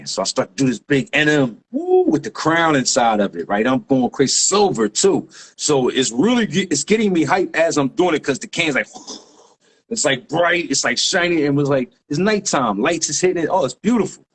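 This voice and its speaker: A man, a graffiti writer guest telling a story in lively street slang with sound effects. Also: on the high side, normal speed, husky. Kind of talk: animated storytelling.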